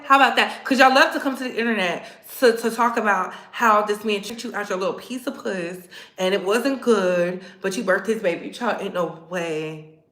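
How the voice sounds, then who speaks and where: Sassy, blunt woman in an echoey room. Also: a little high. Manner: blunt, sassy, profane, animated storytelling. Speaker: host. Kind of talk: casual commentary vlog.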